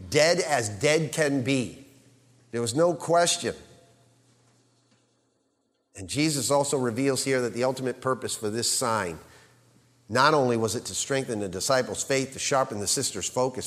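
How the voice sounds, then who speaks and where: Man preaching, soaring then hushed. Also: mid-range voice, big-room sound. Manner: dramatic swings between loud emphasis and hushed quiet; preaching with rhetorical questions to the congregation. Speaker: pastor. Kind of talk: sermon.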